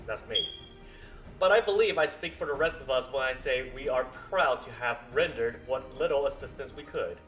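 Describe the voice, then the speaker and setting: A man streaming a game, reading its dialogue aloud in a halting way and stopping often to correct himself. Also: mid-range voice, fairly bright tone, soft background music. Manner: halting read-aloud with frequent stumbles and self-corrections.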